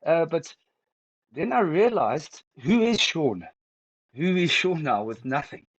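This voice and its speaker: A middle-aged man opens up in an interview, his voice heavy and close to tears. He talks in halting bursts, restarting sentences as feelings catch up with him. The sound is dry and close, with almost no room around it. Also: a little high, big pitch swings, husky, dry recording, dull audio. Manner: halting, emotional, with many restarts. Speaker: guest. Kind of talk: candid personal interview.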